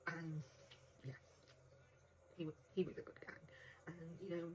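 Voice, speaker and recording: A woman's voice: sits low, level tone, unhurried, darkish tone, low-quality recording. A woman giving a casual audiobook review in a chatty way, laughing often and acting out quotes in between. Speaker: book reviewer.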